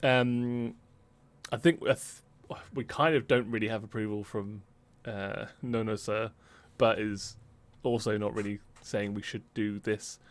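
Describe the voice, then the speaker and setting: A man's voice: on the low side, fairly even intonation, a little slow. A man running a tabletop game as game master, hesitant and full of fillers. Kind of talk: casual narration of a tabletop game.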